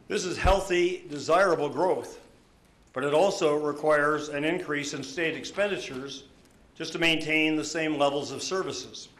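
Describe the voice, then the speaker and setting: Man reading a prepared statement, slightly high. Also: a bit bright, reverberant. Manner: measured, deliberate, emphatic on key words. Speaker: governor. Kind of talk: prepared budget statement at a news conference. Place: news conference room.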